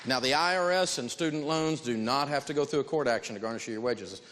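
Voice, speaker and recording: A man giving an animated, emphatic live talk on stage in a large hall, telling stories as he goes. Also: mid-range voice, brisk, heavy background noise. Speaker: financial speaker. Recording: long hall reverb.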